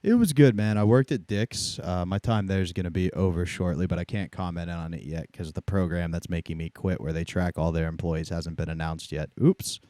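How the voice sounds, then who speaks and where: Low-voiced man, laid-back storyteller. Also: steady tone, brisk, few pauses, dark tone, no room sound. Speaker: comedian and podcast co-host. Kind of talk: casual chat.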